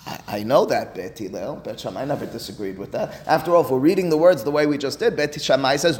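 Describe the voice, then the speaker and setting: A man teaches a Talmud class with an emphatic, animated delivery, slipping Hebrew and Aramaic terms into his points. His voice sits at a middle pitch. A long reverb hangs after his words, as in a large hall. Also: fast talker, few pauses.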